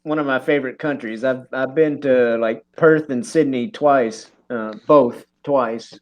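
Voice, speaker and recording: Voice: medium pitch, unhurried. Chatty speaker with a Southeast Missouri accent. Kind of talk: casual chat.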